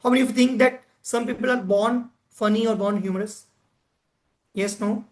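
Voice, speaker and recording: A man's voice: high voice, steady tone, normal speed. A man leading an interactive workshop session, chatting and putting questions to his audience. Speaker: presenter of a club education session.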